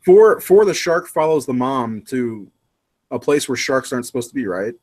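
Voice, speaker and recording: A man co-hosting a casual chat, talking in a chatty way and quick to correct the others. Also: mid-range voice, animated, darkish tone. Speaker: podcast co-host.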